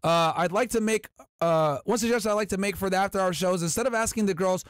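A man's voice: high-pitched, fast talker, smooth, no echo, clean studio sound, soft background music. A man hosting a podcast, reading out viewer chats and answering them in an emphatic, combative, profane way. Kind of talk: casual podcast chat.

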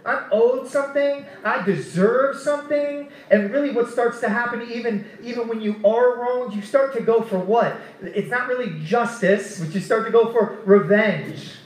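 High-voiced male preacher, echoey room. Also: normal speed, few pauses. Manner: conversational preaching, fillers like "man". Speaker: pastor. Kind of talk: sermon. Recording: roomy echo.

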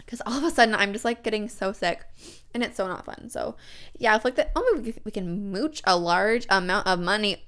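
A young woman with a stuffy nose from a cold, chatting excitedly and casually as she comments on her gameplay. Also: medium pitch, vocal fry. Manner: chatty, excitable, many fillers. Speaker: let's play host.

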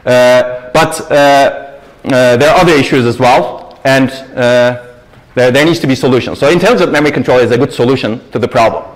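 A man's voice: mid-range voice, moderate pace, rough recording. A man giving a university lecture and taking audience questions, emphatic and explanatory, often stressing his points. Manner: explanatory, emphatic, leans on "actually". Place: lecture hall.

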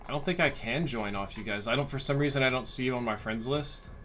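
A man in casual voice chat during a shooter match, sounding relaxed as he steers the squad. His voice sits at an ordinary middle pitch. A faint hiss runs underneath it on the headset line. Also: quick pace. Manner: relaxed, directs the group. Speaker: gaming channel host.

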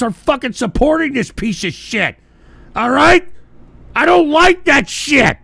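A man hosting a call-in stream show, ranting abrasively, hurling insults and often bursting into shouts while drinking beer. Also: extremely high pitch, very animated, unhurried, creaky, no room sound. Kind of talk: profane live-stream rant.

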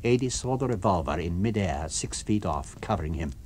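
A man narrating an abridged novel for radio in a measured, expressive storytelling manner. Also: sits low, slight background noise. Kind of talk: abridged audiobook reading for radio.

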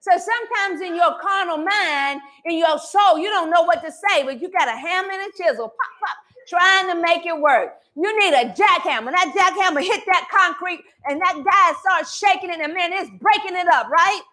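A woman pastor preaching a sermon in a church, animated and full of call-and-response. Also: extremely high pitch, moderate pace, few pauses. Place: church sanctuary.

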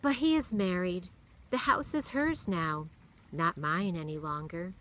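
A wistful grown woman who is new to the prairie talks in a quiet, thoughtful way, her voice a little higher than usual, as a woman reading aloud puts her on. The tone is bright and clear. It is a storybook reading. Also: a little slow, poor audio.

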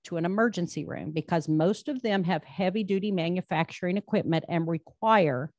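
A woman's voice: fairly low pitch, fairly quick, darkish tone, no echo. A woman, speaking to a club audience in a direct, emphatic, conversational way. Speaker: state labor commissioner speaking to a club. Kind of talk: speech answering an audience question.

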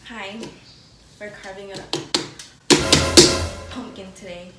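A woman's voice: mid-range voice, steady tone, takes it slowly, over loud music. A young woman vlogging in a casual, giggly, playful way, filming on her phone at home. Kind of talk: casual chat. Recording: echoey room, phone held far off, loud noise.

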